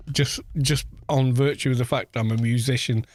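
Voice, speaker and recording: An unhurried man's voice of medium pitch and fairly even intonation comes from a British streamer in his forties. He chats casually while gaming, musing, rambling and frequently starting over.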